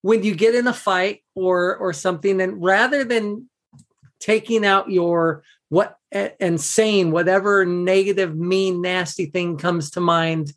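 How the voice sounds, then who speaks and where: A podcast host chatting casually, giving practical advice in a relaxed way with small restarts. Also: mid-range voice.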